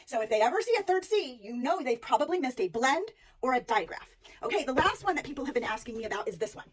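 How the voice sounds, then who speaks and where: A woman teacher moves quickly through a phonics lesson and talks out each step as she goes. Her voice sits high, and she stands a little back from the microphone. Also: big pitch swings, breathy edge, distant mic. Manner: brisk, walks through steps aloud.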